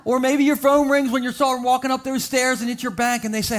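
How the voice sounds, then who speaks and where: A pastor with an extremely high voice preaches a comic, story-rich sermon to a live congregation, and the recording carries a slight hiss or hum along with faint background music. He jokes and voices his characters quickly, then slows to drive his main points home.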